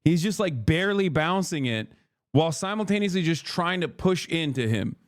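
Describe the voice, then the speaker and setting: A man's voice: on the high side, animated, normal speed, a little hiss or hum. A man streaming, giving casual, profane reaction commentary and mimicking friends.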